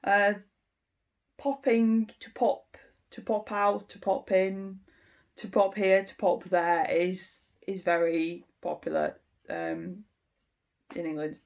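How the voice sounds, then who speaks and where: A woman teaches an informal language lesson, walking through each point patiently and filling pauses with ums. She speaks slowly and deliberately. Her voice has a noticeable gravelly creak, and her pitch sits in a middle range. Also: little pitch movement, a little mellow. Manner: unhurried and explanatory, with frequent ums. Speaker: English teacher.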